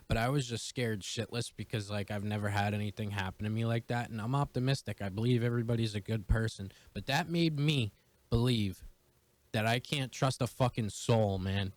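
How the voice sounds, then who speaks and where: Young dude rambling thru a story, lots of cussing, lowish voice. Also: male voice, no echo. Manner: profane, fast-rambling retelling. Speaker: vlogger. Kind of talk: casual storytelling.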